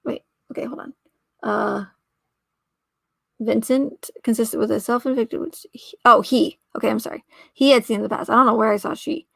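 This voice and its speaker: A woman's voice: fairly high pitch, moderate pace, vocal fry, long pauses, a bit bright, dry recording. A woman hosting a casual livestream, reading aloud and rambling, often trailing off, correcting herself and laughing. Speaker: livestream host.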